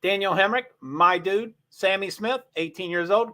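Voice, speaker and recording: A man's voice: high-pitched, moderate pace, hardly any pauses, pushed and bright. A man hosting a casual livestream, chatting with viewers, thinking aloud and reading race stats off the screen. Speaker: livestream host.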